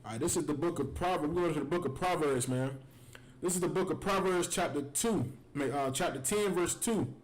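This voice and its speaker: On a livestream, an American man with a fairly high voice breaks down scripture angrily and conversationally, speaking briskly and peppering his heated preaching with "man." The recording quality is low.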